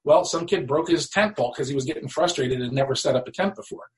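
Animated storytelling man. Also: on the high side, fast, low-quality recording. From United States. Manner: animated, acts out quoted voices. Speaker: guest author. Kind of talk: storytelling in a talk show.

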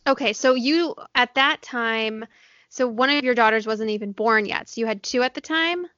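A woman's voice: fairly high pitch, moderate pace, a bit bright, dry recording. A woman interviewing a guest and asking direct, curious follow-up questions. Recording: dull lo-fi dry audio.

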